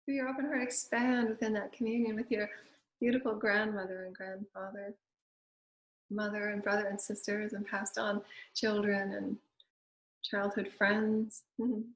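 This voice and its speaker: A woman medium leading a spiritual channeling session, speaking softly and gently in flowing phrases with many pauses. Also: medium pitch, flat delivery, reverberant, muffled recording.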